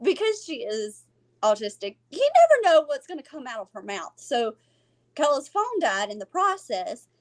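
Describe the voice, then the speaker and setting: A middle-aged woman co-hosting a podcast tells a family story in casual chat, acting out the voices of the people in it. She's animated and laughs often, speaking at a normal speed in a high-pitched voice.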